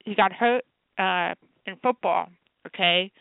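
A woman's voice: medium pitch, measured pace, gravelly, no room sound. A woman guest author on a radio talk show, chatting and retelling conversations in quoted voices. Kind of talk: animated storytelling on a call-in radio show. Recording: tinny phone line, dry.

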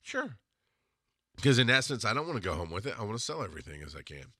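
A man with a bright, forceful voice talks through pricing advice in a relaxed, storytelling way. He sounds like a podcast host who mentors his listeners. The sound is dry and close, with no room around him. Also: lowish voice, very fast, no room sound. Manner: chatty and mentoring, tells stories and acts out customers. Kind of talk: casual advice monologue.

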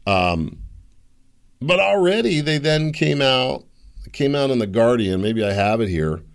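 A man's voice: mid-range voice, very animated, a little slow, creaky, clear, resonant tone. A middle-aged man hosting a solo podcast, rambling and opinionated, with sarcastic asides. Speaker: podcast host.

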